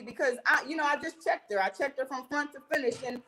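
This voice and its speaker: A young woman recounts a heated confrontation in an animated, profane chat. Her voice sits high, and she delivers the quoted arguments with emphatic punch. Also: quick pace, rough recording. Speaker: reality TV cast member telling a story.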